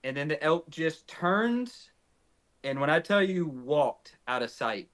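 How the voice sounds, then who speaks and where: A man's voice: a little high, takes it slowly. A young man from north Texas, a podcast guest, telling a story in casual chat and acting out the quoted dialogue. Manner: animated, acts out quoted dialogue.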